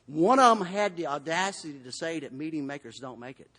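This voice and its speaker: A man's voice: on the high side, expressive, fairly quick, fairly bright tone. A man with a Southern US accent from Florida, telling his recovery story in a folksy, humorous way at a convention podium. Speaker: AA convention speaker. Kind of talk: recovery testimony talk. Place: large convention hall. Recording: long hall reverb.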